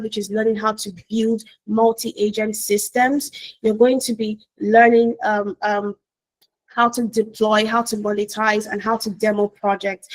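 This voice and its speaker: A woman's voice: on the high side, poor audio. A woman giving an enthusiastic promotional talk, speaking directly to the viewer with frequent fillers. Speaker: presenter for a training company.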